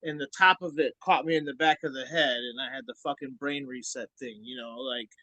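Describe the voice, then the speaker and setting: A man's voice: mid-range voice, a little fast, dry recording, poor audio. A man guest on a podcast, telling rambling stories full of swearing and quoted arguments. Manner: profane, rambling, animated when telling stories. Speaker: podcast guest, former wrestler. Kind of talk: casual storytelling.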